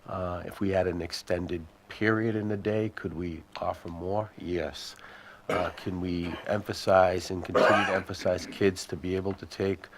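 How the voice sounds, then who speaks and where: Man, superintendent at a school committee meeting, explanatory, deep monotone voice. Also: noisy background. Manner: measured, explanatory, thinking aloud.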